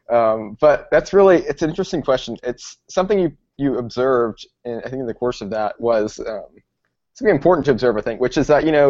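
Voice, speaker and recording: A fast-talking man co-hosts a podcast, offering reflective remarks in a casual exchange. His pitch is ordinary for a man. The recording sounds dull and lo-fi. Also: a little mellow. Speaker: podcast co-host.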